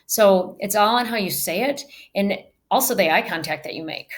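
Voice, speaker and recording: A woman speech teacher with a mid-range voice talks at a normal speed in a recorded virtual lecture about public speaking. She's emphatic throughout, switching up her delivery to demonstrate how lines should sound.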